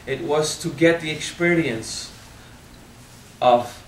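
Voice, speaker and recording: A man's voice: on the high side, roomy sound, far from the mic, a little hiss or hum, rough recording. French-accented man teaching a spiritual seminar. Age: 30s. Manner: frank and animated, swears casually, stresses words slowly. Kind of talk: seminar talk.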